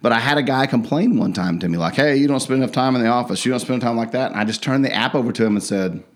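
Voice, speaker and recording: A man's voice: mid-range voice, quick pace. A man co-hosting a podcast, chatting casually and acting out quotes as he tells stories. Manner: relaxed storytelling, acts out quotes. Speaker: podcast co-host. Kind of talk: casual chat.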